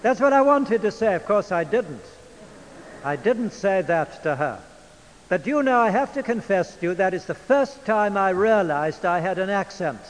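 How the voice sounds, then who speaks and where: An older man with an English accent preaching a sermon in a church, in a measured, emphatic manner. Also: high voice, expressive, slight background noise. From England. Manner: measured, emphatic delivery with drawn-out phrases. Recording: long church reverb.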